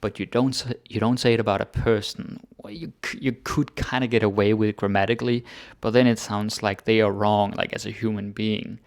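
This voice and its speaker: Man, low gravelly voice, dry close sound, casual chatty teaching. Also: fairly quick, dry recording. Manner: relaxed, chatty, thinks aloud with fillers. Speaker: Danish language teacher. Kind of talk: casual grammar lesson.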